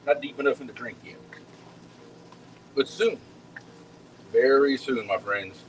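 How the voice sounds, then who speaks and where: A chatty man from talks viewers through his cooking in a relaxed, folksy way, often doubling back on his words. His voice sits at a middling pitch, with a faint hum of background noise. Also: unhurried, low-quality recording. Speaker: home cook hosting a live cooking stream. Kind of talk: casual cooking chat with viewers.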